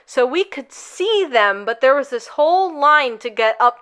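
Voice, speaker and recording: Young woman podcaster rambling thru a story, smooth clear voice a bit high. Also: expressive, normal speed, a bit bright. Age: young adult. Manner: rambling, filler-heavy storytelling. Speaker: podcast co-host. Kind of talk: casual storytelling chat.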